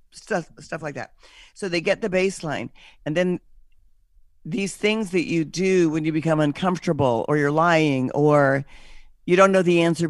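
A woman talks in a loose, casual podcast chat. She is blunt and animated, slipping into little acted-out quotes and swearing without a second thought. The recording is dry and close, with no room sound. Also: low-pitched, dry recording.

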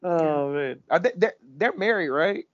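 A man's voice: a little high, expressive, unhurried, no room sound. A man co-hosting a podcast in casual chat, joking, laughing and acting out scenes in voices. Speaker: podcast co-host recapping a TV episode. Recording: dull, dry sound.

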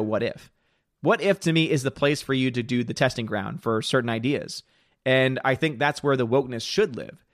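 A man's voice: medium pitch, fairly bright tone, no room sound. Dry-voiced man hosting a movie livestream. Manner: opinionated, rambling, repeats words. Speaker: movie channel host. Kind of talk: casual livestream chat, reading viewer comments. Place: his own room at home.

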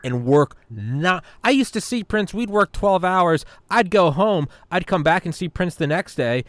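A man's voice: sits high, animated, unhurried, fairly bright tone, dry recording. A man from the United States, hosting a podcast in casual chat, telling stories with swearing and acted-out quotes. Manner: storytelling, profane, acts out quotes. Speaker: podcast host.

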